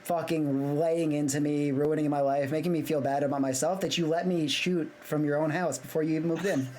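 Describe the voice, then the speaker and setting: Young male podcast co-host, loose and sarcastic, rambling riffs, quiet room hiss. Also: fairly high pitch, fairly even intonation, a little fast. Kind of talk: casual comedic banter.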